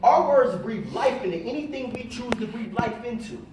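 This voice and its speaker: A middle-aged man giving an animated motivational talk to a live audience and calling on them to answer. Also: very high-pitched, moderate pace, noisy background. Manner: animated, calls on the audience for responses. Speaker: motivational speaker. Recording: echoey room, voice from a distance.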